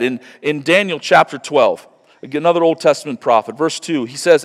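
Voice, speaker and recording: A man's voice: fairly high pitch, normal speed. Man preaching with long hall echo. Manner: preaching, rising to loud emphatic scripture reading. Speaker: pastor. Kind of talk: sermon. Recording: long reverb of a large hall.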